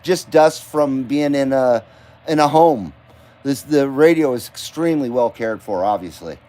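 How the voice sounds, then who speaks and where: A man's voice: mid-range voice, a little slow, mellow. A man hosting a late-night live stream, chatting loosely and cussing as he greets viewers by name and talks about his radio gear. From Nevada, US. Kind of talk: casual rambling live-stream chat.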